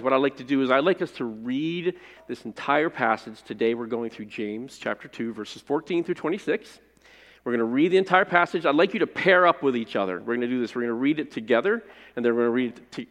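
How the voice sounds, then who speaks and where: A man preaching a sermon as pastor, reading scripture and praying, rising to loud emphasis and dropping to hushed phrase endings. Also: mid-range voice. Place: church sanctuary. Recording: long reverb of a large hall.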